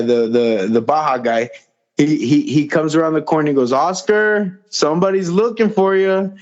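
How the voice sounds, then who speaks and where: A man as a podcast guest, telling a personal story in a rambling way, repeating phrases and acting out the dialogue. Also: fairly high pitch. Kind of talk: casual storytelling. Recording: slightly dull lo-fi audio.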